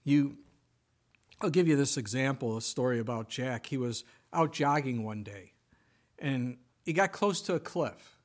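A man's voice: mid-range voice, animated, measured pace. A male pastor giving a sermon in an earnest, emphatic way, with rhetorical questions.

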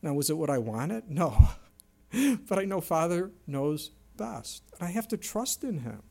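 A middle-aged man preaching a sermon as pastor, animated, acting out quoted voices with sudden jumps in pitch and volume. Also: unhurried, gravelly.

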